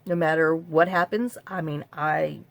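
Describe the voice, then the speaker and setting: A woman's voice: low voice, steady tone, a little slow, gravelly, no echo. A woman, telling a personal story to camera in a casual, rambling, half-joking way. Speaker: craft vlogger.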